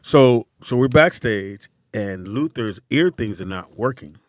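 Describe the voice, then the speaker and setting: A man hosting a casual chat, telling a backstage story and acting out the quotes with big jumps in pitch. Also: measured pace, no echo. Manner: animated, acts out quotes with sudden jumps in pitch. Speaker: host.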